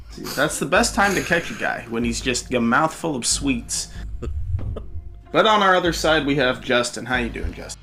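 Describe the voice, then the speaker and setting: A young man hosting a casual podcast chat, upbeat and quick to laugh. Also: mid-range voice, big pitch swings, gravelly, pushed and bright, faint music behind. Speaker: podcast host.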